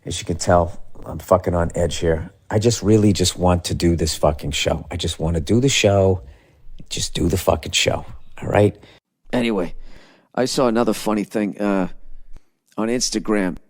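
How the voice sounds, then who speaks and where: Low-voiced profane man in his fifties. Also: normal speed, a little mellow. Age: 50s. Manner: profane, exasperated storytelling. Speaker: podcast host. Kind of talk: casual comedic rant.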